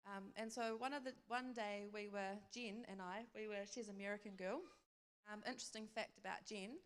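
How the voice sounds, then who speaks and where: A woman's voice: steady tone, fairly quick. A woman giving a conversational church talk, telling a personal story and acting out bits of dialogue. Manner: storytelling, acts out dialogue in a higher voice. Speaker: speaker sharing a testimony. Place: church hall. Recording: long hall reverb.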